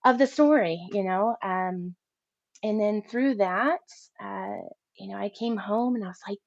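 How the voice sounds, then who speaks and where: Woman in her thirties, gravelly edge, animated personal testimony, dry dull lo-fi sound. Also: medium pitch, a little slow, dry recording. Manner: animated storytelling, voicing her own past thoughts. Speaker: interview guest.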